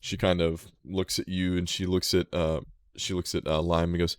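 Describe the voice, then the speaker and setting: A man narrating as game master, halting and often repeating words. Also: low voice, level tone, clear, resonant tone, no room sound.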